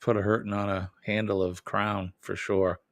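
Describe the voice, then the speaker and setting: A man's voice: fairly low pitch, level tone, normal speed, creaky, dry recording. A man hosting a casual live stream, chatting and joking with viewers as he answers their comments. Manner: chatty, reads out viewer comments and jokes with them.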